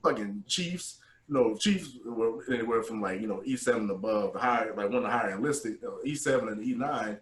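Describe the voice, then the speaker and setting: A man co-hosting a casual podcast, telling profane boot camp stories and loudly acting out the voices of the people in them. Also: fairly low pitch, fairly quick, few pauses. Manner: profane, animated, acts out quotes loudly. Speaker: podcast co-host, navy veteran. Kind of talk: casual storytelling chat. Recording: echoey room.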